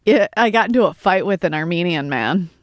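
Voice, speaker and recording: A woman comedian chatting as a podcast guest, telling an animated, profane story. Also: lowish voice, brisk, no room sound, clean studio sound. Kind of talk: casual podcast chat.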